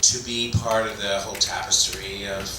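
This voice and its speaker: A man's voice: on the low side, steady tone, moderate pace, bright, forceful tone. A middle-aged man from Toronto, an actor on a convention panel, telling rambling, self-deprecating stories. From Toronto, Canada. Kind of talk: anecdotal storytelling. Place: convention hall. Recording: echoey hall, distant mic, background noise.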